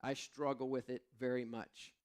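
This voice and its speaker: A man preaching a sermon at a church service, telling stories with animated, self-mocking humor. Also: mid-range voice, moderate pace, clean tone. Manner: animated, self-deprecating storytelling. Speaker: pastor.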